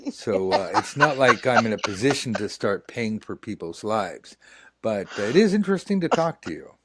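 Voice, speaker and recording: Low-voiced man hosting a jokey tarot game. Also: sing-song, moderate pace, fairly bright tone, slight background noise. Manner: jokey, rambling, breaks into laughter. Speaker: host of a tarot lesson. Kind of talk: playful role-play game chat.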